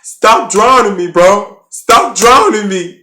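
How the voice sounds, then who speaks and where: A man voicing an emotional man pleading loudly and repetitively with his close friend. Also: high voice, steady tone, a little slow, pitched above the performer's own voice. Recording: echoey room.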